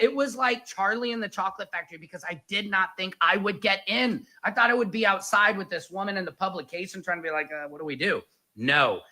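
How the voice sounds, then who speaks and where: Bright high-pitched animated male vlogger. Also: low-quality recording. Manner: animated, jokey, addresses viewers as Patriots. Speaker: online commentator. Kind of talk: casual vlog storytelling.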